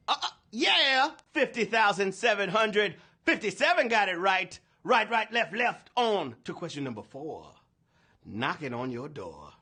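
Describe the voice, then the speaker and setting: High lively hyped-up trivia host man. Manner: energetic, playful, lots of slang. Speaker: trivia game show host. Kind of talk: hyped livestream hosting.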